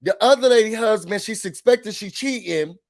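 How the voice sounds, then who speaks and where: A man giving a casual, exasperated rant to camera about a reality TV show. He talks straight at the people on the show and mimics them in quick put-on voices. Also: high voice, dry recording, clean studio sound. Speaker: reality TV reviewer.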